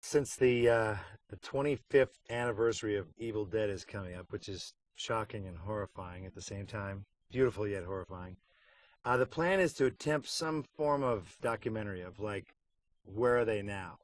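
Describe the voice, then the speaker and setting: Interviewed behind the scenes about a game, a middle-aged voice actor jokes wryly about voice work and puts on silly voices for his anecdotes. He speaks at a normal speed in a lowish voice.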